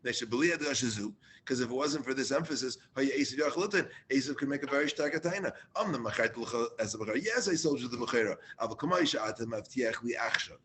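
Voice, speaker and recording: A man's voice: mid-range voice, expressive, quick pace, few pauses, fairly bright tone, slight background noise. Man teaching a casual Torah class. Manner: mixes Hebrew readings with plain English asides, with restarts. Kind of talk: reading and explaining a Hebrew text in a casual class.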